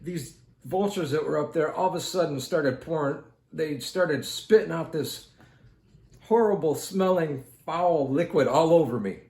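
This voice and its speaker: A man's voice: a little high, measured pace, creaky, darkish tone. A man hosting an art channel, telling a rambling story to his viewers while he draws, talking straight to them in a casual, chatty way. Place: indoors at home. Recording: roomy echo with faint noise.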